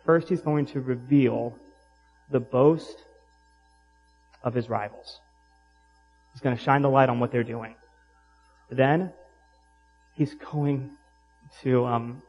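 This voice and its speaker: A man preaching a sermon in an animated, emphatic way, with rhetorical questions to the congregation. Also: mid-range voice, lo-fi sound. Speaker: pastor.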